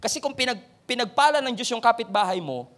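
A man with a Filipino accent preaches a sermon in a very high-pitched, expressive, fairly bright voice, speaking fast. His delivery is conversational, and he often turns to listeners with questions and calls to action.

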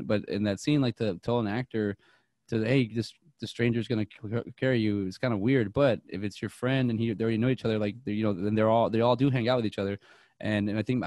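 A man's voice: on the low side, darkish tone, dry recording, studio quality. A young man chatting casually about movies on a podcast, rambling with many restarts and fillers. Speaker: podcast co-host.

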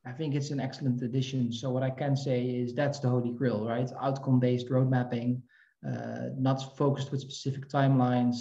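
A man from the Netherlands answering a question on a video call, measured and thoughtful, often checking with "right?". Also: medium pitch, level tone, creaky, warm tone. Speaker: speaker answering audience. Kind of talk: casual online Q&A. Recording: dull echoey call audio.

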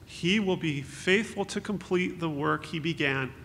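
A man's voice: fairly high pitch, a little slow, fairly bright tone. Man preaching at a memorial in a hall. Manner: earnest, consoling, quotes scripture. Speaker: pastor. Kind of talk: memorial sermon. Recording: echoey hall with faint hum.

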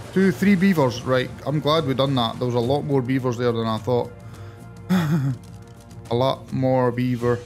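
A Scottish man commentating his own gameplay in a gravelly, creaky voice. He talks to his viewers casually and keeps bursting into excited, surprised outcries. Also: mid-range voice, unhurried, faint music behind. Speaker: gaming channel host. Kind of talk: let's play gameplay commentary.

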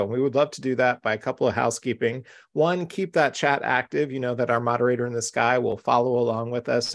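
A man's voice: mid-range voice, creaky. A man hosting a live-streamed craft show from home, chatty, upbeat and welcoming. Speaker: host.

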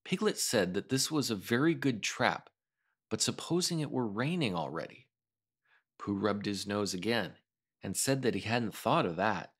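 Animated male storybook reader. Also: mid-range voice. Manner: expressive, animated. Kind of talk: storybook read-aloud.

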